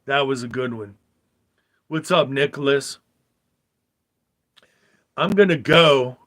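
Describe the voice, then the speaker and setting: An older man giving a rambling religious commentary monologue, talking slowly with fillers and repeated phrases. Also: medium pitch, fairly bright tone. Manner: slow, meandering talk with fillers and repeated phrases. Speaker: vlogger.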